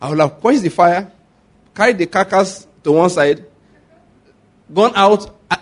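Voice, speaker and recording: Male pastor, 40s, lively sermon storyteller who laughs a lot and asks the crowd to answer back, slightly raised pitch. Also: unhurried, pauses often. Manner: animated storytelling with call-and-response questions; laughs often while preaching.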